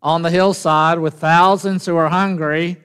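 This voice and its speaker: A man's voice: a little high, level tone, unhurried, a bit bright, smooth. A man preaching a sermon with a Southern US drawl, folksy and conversational, asking the congregation questions. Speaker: pastor. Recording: long reverb of a large hall.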